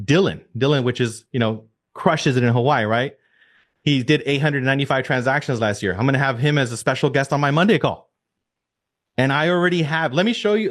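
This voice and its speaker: A man with a medium-pitched voice leads a real estate team and gives an energetic coaching talk over a video call. He repeats his main points and fires rhetorical questions at his listeners.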